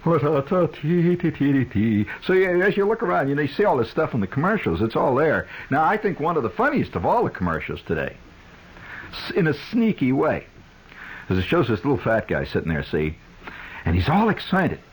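A man's voice: on the high side, wildly swooping pitch, a little fast, husky, low-quality recording. A man hosting a radio talk show, delivering a rambling, sardonic monologue full of "uh" fillers and restarts.

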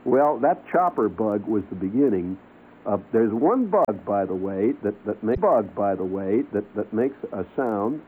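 Male storyteller, lively pitch, lowish voice, tinny phone-like radio sound. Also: a little slow. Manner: animated storyteller, imitates sounds, chuckles. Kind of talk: anecdotal storytelling. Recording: phone-like lo-fi radio recording with faint noise.

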